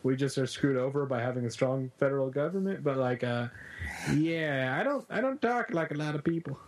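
Co-host, male, mid-pitched, teasing banter in relaxed talk. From California. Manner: joking, quick to tease. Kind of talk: casual chat.

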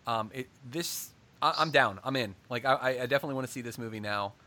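A man's voice: mid-range voice, quick pace, sharp tone. A man hosting a casual podcast chat, telling stories animatedly and laughing often.

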